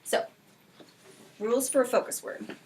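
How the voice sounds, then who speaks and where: A woman teaching an English class for adult learners, speaking clearly and encouragingly, and modeling example sentences slowly. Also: darkish tone, slight background noise. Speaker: ESL teacher.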